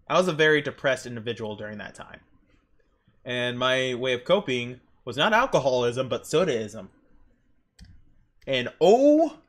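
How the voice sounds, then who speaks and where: A young man telling rambling stories while drawing on a stream, jumping into high squeaky voices for emphasis. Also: a bit bright.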